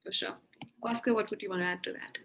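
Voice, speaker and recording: A woman moderating a virtual panel, putting questions to her guests in a friendly, halting way full of fillers. Her voice sits at a middle pitch. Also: fairly even intonation, pushed and bright. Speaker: host, moderator.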